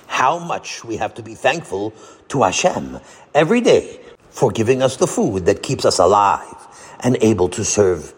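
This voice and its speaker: A man voicing a warm, patient rabbi who gently questions and teaches young boys. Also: on the low side, animated, moderate pace, breathy edge, big-room sound.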